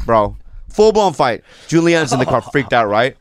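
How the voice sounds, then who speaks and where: A man in casual podcast chat, telling a story with lots of energy and acting out other people's voices loudly. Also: medium pitch, big pitch swings, normal speed, no room sound, clean studio sound.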